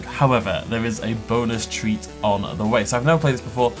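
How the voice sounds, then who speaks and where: A man's voice: medium pitch, fairly quick, music in the background. A man hosting a gaming channel, giving upbeat, joking let's-play commentary with frequent chuckles.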